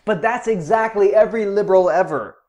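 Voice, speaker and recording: A man's voice: sits high, brisk, darkish tone. A man hosting a reaction commentary, ranting angrily and swearing a lot. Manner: angry, profane ranting. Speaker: host.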